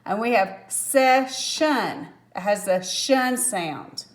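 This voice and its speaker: A woman teacher slowly walking through a phonics lesson, patient and step by step, with small apologetic asides. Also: medium pitch, lively intonation.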